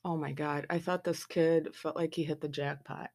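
A woman telling a family story as a mother, in a casual, animated way, acting out quoted lines with sarcastic asides. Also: sits low, normal speed.

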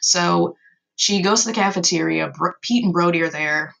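A young woman talks through a story recap in a loose, chatty way, cutting in with sarcastic, profane remarks. Her voice sits fairly low and has a gravelly fry. Its tone is bright and sharp. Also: moderate pace, low-quality recording. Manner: sarcastic, swears freely, exasperated asides. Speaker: video host recapping a story. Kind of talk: casual commentary.

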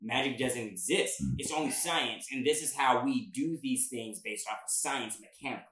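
Male podcast co-host, mid pitch, rambly and emphatic, echoey room. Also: moderate pace, a bit bright. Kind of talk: casual chat. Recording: roomy echo.

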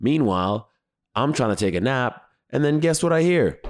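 A hoarse man hosting a podcast, telling stories in an animated, profane, casual monologue. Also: medium pitch, a little fast. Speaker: podcast host.

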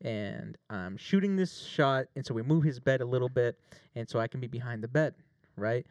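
Dull audio without echo carries a man's medium-pitched voice at ordinary speed. He plays a mock-trial plaintiff, telling an extended story that's animated, jokey, and laced with swearing, all in a relaxed courtroom-storytelling mode.

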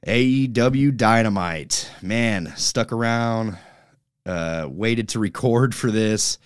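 A man's voice: on the low side, takes it slowly, smooth. A man co-hosting a casual wrestling podcast, laid-back and blunt. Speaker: podcast co-host.

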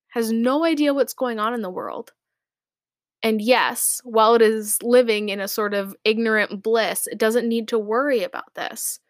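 A woman's voice: medium pitch, a bit bright, no echo, studio quality. A woman hosting her own podcast, talking in a candid, reflective and chatty way, with lots of casual fillers. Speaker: podcast host. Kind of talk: casual solo podcast talk.

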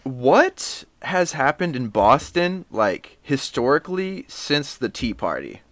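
A man's voice: mid-range voice, sing-song, takes it slowly, a bit bright, no echo. A young man from Ohio in casual chat, rambling and swearing, laughing often.

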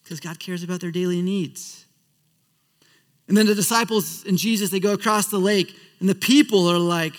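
A man preaching a sermon as a pastor, earnest, often dropping to a soft hush at the ends of phrases. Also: high-pitched, normal speed, big-room sound.

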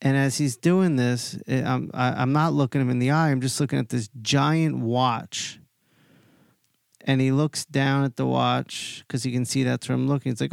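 A man with a smooth but gravelly voice tells a long personal story, stumbling and restarting as he goes. He acts out what other people said. The sound is dry and close, with no room around it. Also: medium pitch, steady tone, moderate pace, dry recording. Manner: rambling with frequent restarts and acted-out quotes. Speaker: podcast host telling a personal story. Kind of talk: casual storytelling monologue.

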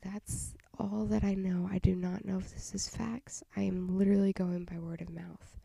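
A woman's voice: medium pitch, flat delivery, moderate pace, creaky, warm tone, breathy edge, no room sound. A young woman hosting a solo podcast, tired and half-whispering as she rambles frankly through her thoughts with little sighs and laughs. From United States. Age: young adult. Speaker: podcast host. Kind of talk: casual solo podcast chat.

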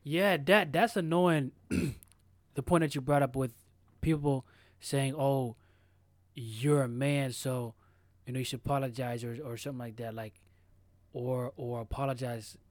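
A young man co-hosting a podcast, speaking in a halting casual way, often clearing his throat and restarting phrases. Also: medium pitch, fairly even intonation, no echo. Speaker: podcast co-host. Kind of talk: casual chat.

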